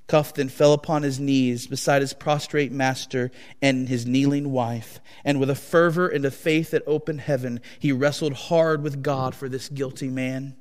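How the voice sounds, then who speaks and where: A man's voice: mid-range voice, steady tone, darkish tone. A male preacher telling a dramatic story in a sermon, in a solemn, weighty manner. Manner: slow, solemn and dramatic reading. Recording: long echo of a large hall.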